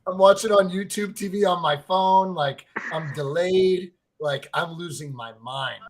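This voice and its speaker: A man co-hosting a casual sports podcast, telling stories in an animated way, swearing freely and saying "like" and "right?" a lot. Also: high voice, unhurried. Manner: excitable, fan-to-fan talk addressing listeners as family. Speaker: podcast co-host.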